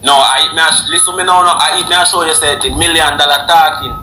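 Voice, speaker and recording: A man with a Jamaican accent who insists on explaining himself in an argument and tries to calm the others down. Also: a little high, fast, faint music behind. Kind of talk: heated argument on a livestream. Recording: echoey room with faint background noise.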